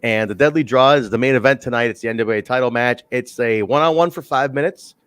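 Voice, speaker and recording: A man co-hosting a casual wrestling review chat, telling stories in a rambling, animated way. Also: mid-range voice, fast, clear, resonant tone, no room sound. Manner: rambling, animated storytelling with laughs. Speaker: podcast co-host reviewing wrestling.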